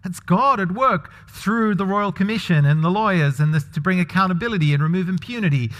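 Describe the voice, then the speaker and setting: Man, pastor, conversational sermon, asks the congregation questions, slightly high voice, long church reverb. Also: a little fast, a bit bright.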